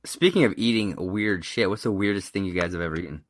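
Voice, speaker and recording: A man's voice: low-pitched, fast, dry recording, studio quality. A man co-hosting a casual podcast, joking and laughing often. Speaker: podcast co-host. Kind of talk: casual chat.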